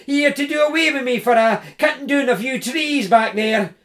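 A man voicing a big, bearded, jovial male tree surgeon with a Scottish accent, loud and teasing. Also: very high voice, moderate pace, pitched above the performer's own voice.

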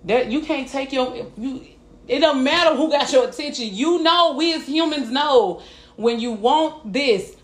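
A woman's voice: sits high, measured pace, roomy sound. A woman co-hosting a podcast, giving frank, blunt advice in casual chat. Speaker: podcast co-host.

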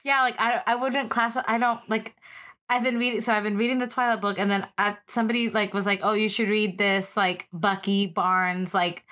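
A young woman co-hosts a podcast in a casual, rambling chat, dropping "like" constantly. Her voice sits at medium pitch and is a bit bright, with a flat delivery at a moderate pace.

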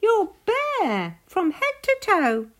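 A woman voicing a gang of teasing rabbits in a storybook reading, shrill and mocking. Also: wildly swooping pitch, takes it slowly, a bit bright, full character voice.

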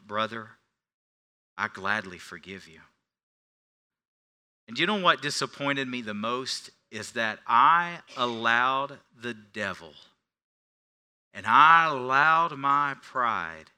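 A middle-aged male pastor preaching a sermon, swinging between quiet confession and loud, forceful preaching. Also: mid-range voice.

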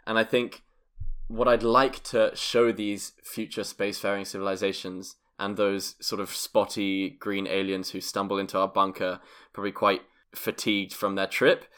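A man's voice: on the low side, level tone, moderate pace, fairly bright tone, clean tone. A man from London, co-hosting a casual chat in a playful, wordy and slightly formal way. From London, England. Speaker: podcast co-host.

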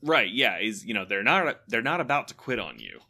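Bright-voiced man rambling happily. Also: mid-range voice, big pitch swings, fairly quick. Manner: rambling, enthusiastic, laughs often. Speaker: podcast co-host. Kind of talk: casual chat.

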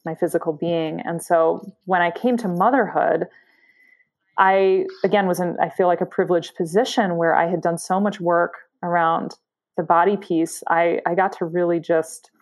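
A woman psychotherapist, a podcast guest, thoughtfully answering an interview question and searching for her words. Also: on the low side.

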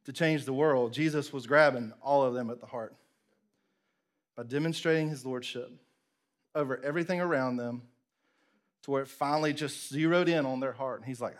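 A man preaching a sermon, telling the story with animated acted-out voices and sudden drops to a near whisper. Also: medium pitch, moderate pace, pauses often. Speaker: pastor.

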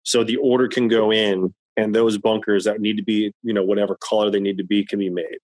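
A man's voice: on the low side, level tone, fairly quick, a little mellow, dry recording, low-quality recording. A man chatting casually as podcast host, rambling and repeating words as he thinks. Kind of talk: casual chat.

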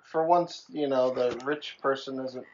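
A woman's voice: very deep voice, fairly even intonation, a little slow, lo-fi sound, a crowd in the background. A woman in casual chat, chiming in with short agreeing remarks. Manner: brief agreeing interjections.

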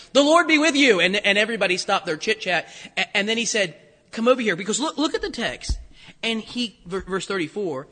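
High, bright-voiced preacher in a reverberant hall. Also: male voice. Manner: animated storytelling with laughs and acted-out quotes. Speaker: pastor. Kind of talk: sermon.

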